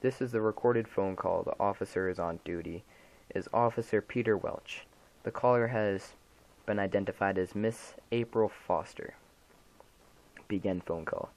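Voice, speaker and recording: A man with a low voice reads a horror story aloud, grave and measured. He trips over a word now and then but keeps an even, serious tone. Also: low-quality recording. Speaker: narrator. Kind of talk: scripted horror narration.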